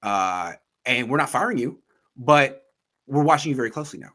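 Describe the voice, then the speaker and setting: A man hosting a casual sports talk show, animated and acting out quotes from others as he tells them. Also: medium pitch, brisk. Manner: animated, acts out quotes in voices. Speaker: podcast host.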